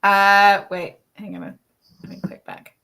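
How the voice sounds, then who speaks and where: A woman with an Australian accent hosting a casual chat, talking in quick bursts full of fillers and restarts, laughing often. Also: medium pitch, sing-song, pushed and bright, smooth. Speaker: podcast host.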